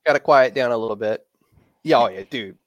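A man co-hosting a casual fan podcast, talking fast and animated, swearing a lot and acting out quotes from the characters. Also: mid-range voice, dry recording. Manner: animated, profane, acts out quotes. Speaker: podcast co-host.

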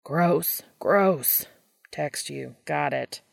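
A woman's voice: low-pitched, very slow, vocal fry, no room sound, studio quality, exaggerated voice. A woman reading the part of an easygoing, good-natured young man. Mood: friendly.

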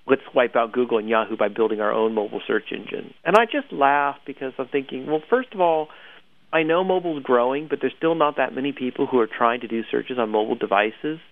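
Gravelly man on a tinny line. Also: mid-range voice, brisk. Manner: animated, opinionated, laughs often. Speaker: podcast co-host. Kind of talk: casual news chat. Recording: tinny phone-line audio.

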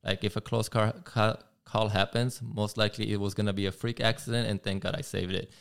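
A man from California who rides motorcycles talks casually and thoughtfully as a guest in an interview, often restarting his sentences. His voice is on the low side, gravelly, a bit bright, clear, and resonant, with a flat, fairly quick delivery.

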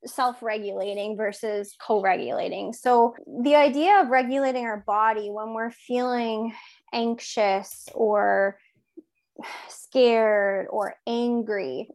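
A woman in her thirties with a fairly high voice, talking casually about raising kids. She is animated and jumps into the quoted lines in a higher voice. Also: unhurried. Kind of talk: casual parenting chat.

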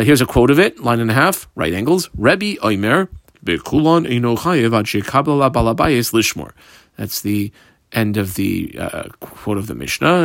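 A man with a medium-pitched, slightly bright voice and some vocal fry leads a daily daf yomi Talmud class. He reads the Aramaic text aloud and translates as he goes, using plenty of fillers and describing the underlines and marks on his page. The recording is dry, with clean studio sound.

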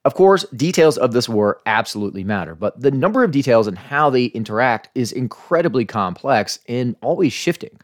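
An American man delivers a scripted podcast commentary in a mid-pitched voice. His pitch swings widely as he makes his case. He talks earnestly, building arguments and posing rhetorical questions. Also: animated, a little fast, hardly any pauses. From United States. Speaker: podcast host.

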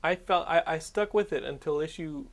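A man hosting a casual comedic chat, animated, jokey and profane. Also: a little high, moderate pace.

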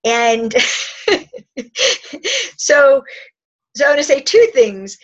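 A woman with a high voice gives relationship advice in a casual couch conversation. She laughs often and acts out little exchanges between partners. The recording is dull and lo-fi. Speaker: relationship expert guest. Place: indoor couch talk.

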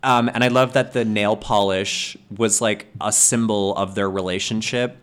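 A man co-hosting a casual film podcast, animated and profane, often slipping into mocking accent impressions. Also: on the low side, normal speed, smooth. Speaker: podcast co-host.

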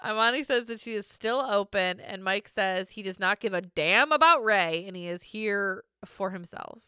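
A woman's voice: mid-range voice, moderate pace, sharp tone, smooth, dry recording, clean studio sound. A woman co-hosting a casual podcast, recapping a reality show, laughing often and swearing freely.

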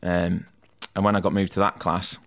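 A young man tells a long story in a relaxed, chatty way, with a fairly low voice. He slips into quoted voices as he recounts what people said. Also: normal speed. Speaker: tattoo artist guest. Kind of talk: casual storytelling interview.

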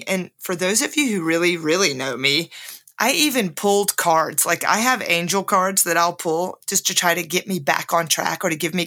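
A woman's voice: on the low side, pushed and bright. A middle-aged woman hosting her own podcast, telling a candid personal story in a casual monologue and laughing often. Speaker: podcast host.

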